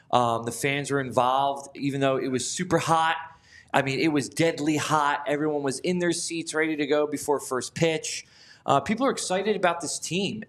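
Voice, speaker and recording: A man's voice: a little high, fairly bright tone. A man reporting on a sports talk show, recounting his visit enthusiastically with a few "uh"s and "um"s. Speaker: reporter back from the ballpark. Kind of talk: casual sports radio chat.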